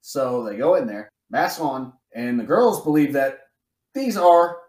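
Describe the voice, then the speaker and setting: Speaking at a measured pace in a mid-range voice, this podcast co-host keeps things casual and profane. He brings scenes back to life with energy, jumping into quoted voices at higher volume, all in an echoey room.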